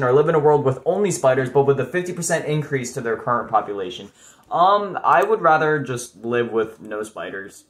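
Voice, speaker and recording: Young male vlogger, laid-back and rambling, ordinary mid voice, echoey room. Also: medium pitch. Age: young adult. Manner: rambling, laid-back, says dude and like a lot. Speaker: YouTuber. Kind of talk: casual solo commentary.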